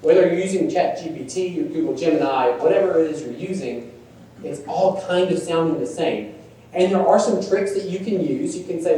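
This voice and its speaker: With a brisk, mellow voice on the high side, a man leads a chatty email marketing workshop, asking the crowd questions and mocking stiff phrasing. He's presenting in a large meeting room, captured on a distant mic amid echo and faint background noise.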